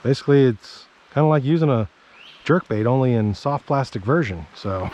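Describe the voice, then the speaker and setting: A man fishing from a creek bank outdoors, giving excitable casual commentary and talking to himself and his viewers. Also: medium pitch, normal speed, dull audio, a little hiss or hum. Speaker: fishing vlogger.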